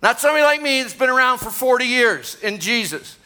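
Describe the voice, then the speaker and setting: A man's voice: extremely high pitch, lively intonation, fairly quick, pushed and bright, smooth. A man in his sixties, a pastor, preaching a sermon to a congregation in a conversational way, with asides to the room. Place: church gathering.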